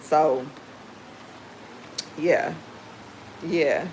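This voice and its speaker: Woman livestreamer, lower pitch, rambling casual storyteller, faint hiss behind. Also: expressive, a little slow, low-quality recording. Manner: chatty, rambling storytelling with many fillers. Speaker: livestream host. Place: home.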